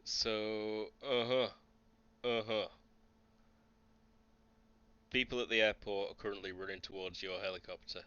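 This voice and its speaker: Low-voiced man running a tabletop game. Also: level tone, unhurried, pauses often, bright, forceful tone, clear, resonant tone, dull audio. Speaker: game master.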